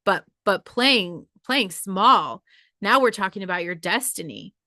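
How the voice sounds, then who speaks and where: A woman's voice: medium pitch, lively intonation, unhurried, pushed and bright, dry recording, studio quality. Blunt, profane woman podcast host. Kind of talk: motivational monologue.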